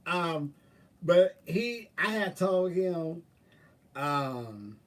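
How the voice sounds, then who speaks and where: A livestream host with a fairly high, sing-song voice talks extremely slowly, his tone fairly bright and his mic distant. Chatting casually with viewers, he tells sassy, profane stories punctuated by bursts of laughter and offers frank advice.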